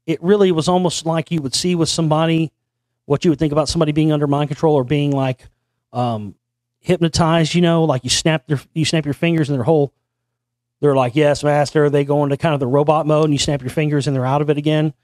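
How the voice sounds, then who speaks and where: A man's voice: fairly high pitch, steady tone, fast, a little mellow, no room sound. Rambling man with a dry close sound. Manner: meandering, conspiratorial, frequent restarts. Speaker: host. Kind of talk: rambling storytelling monologue.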